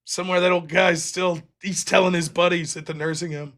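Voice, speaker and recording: A man's voice: high voice, brisk. A man hosting a live stream, telling a story in a casual, profane monologue and acting out the other people's lines in a raised voice. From United States. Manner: profane, animated, acts out quotes in raised voices.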